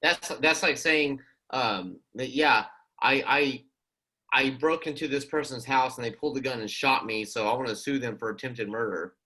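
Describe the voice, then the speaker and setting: Sardonic mid-pitched male podcast co-host. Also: moderate pace, sharp tone, husky, poor audio. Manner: sardonic, joking. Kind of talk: casual podcast chat.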